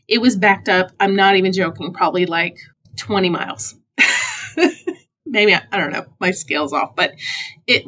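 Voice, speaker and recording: A middle-aged woman hosts a podcast, telling a story in a casual, self-deprecating way with a fairly bright tone. Whenever she quotes someone, she jumps into a high voice.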